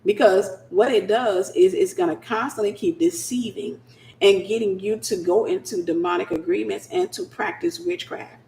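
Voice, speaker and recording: A woman teaching in a conversational, animated preaching style, acting out scenes as she goes. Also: medium pitch, moderate pace, a little hiss or hum. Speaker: Christian teacher. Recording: roomy echo.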